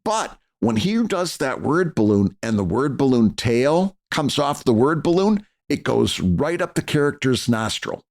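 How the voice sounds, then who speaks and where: A man's voice: mid-range voice, big pitch swings, measured pace, hardly any pauses. A middle-aged man co-hosting a podcast, giving earnest advice in casual chat with lots of fillers and restarts. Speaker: podcast co-host.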